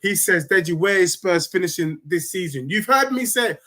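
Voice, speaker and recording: A man, talking live to his stream after a match. His voice sits high, and he mixes slang into animated banter with viewers, reading their comments and answering back. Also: a little fast, few pauses. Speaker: football fan streamer.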